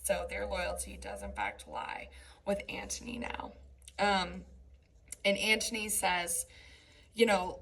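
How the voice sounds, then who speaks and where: A woman's voice: fairly low pitch, very animated, takes it slowly, creaky, pauses often, fairly bright tone, rough recording. A woman teaching a class, reading lines of verse and explaining them in casual asides full of "right?" and "um". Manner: reads verse aloud between plain explanations. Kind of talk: classroom lecture on a play.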